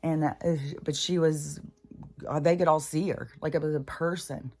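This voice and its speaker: Older woman, lowish voice, casual rambling monologue, swears freely. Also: steady tone, normal speed, darkish tone. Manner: rambling and profane. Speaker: spiritual channeler.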